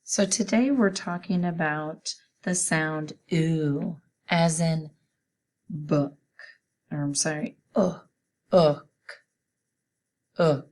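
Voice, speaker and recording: A woman teacher leads a children's spelling lesson, sounding out each letter one at a time. Her voice sits a little low, and she talks very slowly and patiently. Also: darkish tone.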